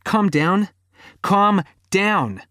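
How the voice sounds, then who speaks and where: A man's voice: sits high, lively intonation, extremely slow, pushed and bright, no echo, clean studio sound, voice pushed up, exaggerated voice. A man reading an audiobook, voicing an upset young woman who lashes out with sarcastic outbursts. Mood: furious.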